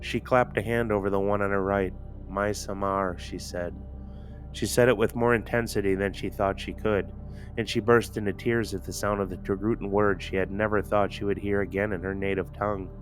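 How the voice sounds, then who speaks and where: Deep-voiced man narrating a story. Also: little pitch movement, brisk, soft background music. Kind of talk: audiobook narration of fan fiction.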